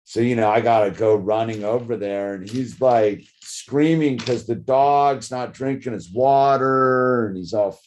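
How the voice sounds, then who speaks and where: A man's voice: mid-range voice, darkish tone. A middle-aged man, rambling casually to camera, full of "dude" and "like". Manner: rambling, says "dude" and "like" a lot. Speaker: vlogger.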